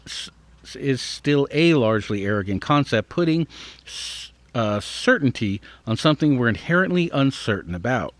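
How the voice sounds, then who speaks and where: With a mid-range voice and no room sound at all, a male podcast host works through an article aloud. He breaks away to reflect on it and occasionally fumbles hard words.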